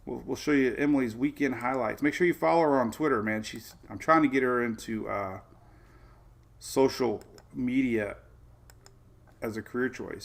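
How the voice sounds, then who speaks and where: Chatty excitable man with a gravelly voice. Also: medium pitch. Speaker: weather show host. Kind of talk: casual live-stream chat.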